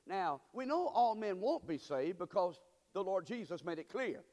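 A man preaching a sermon as pastor, swinging between calm teaching and sudden loud, emphatic bursts. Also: high voice, moderate pace, long reverb tail. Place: church sanctuary.

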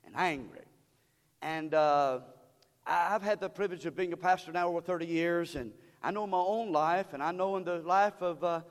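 A middle-aged man preaching a sermon as pastor, swinging from hushed talk to shouting. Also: a little high. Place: church sanctuary. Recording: long reverb of a church hall.

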